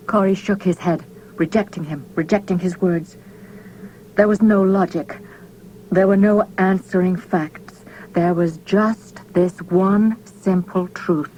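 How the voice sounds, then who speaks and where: A woman narrating an audiobook in a measured, dramatic storytelling manner. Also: on the low side, steady tone, darkish tone, slight background noise, rough recording. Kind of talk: scripted narration.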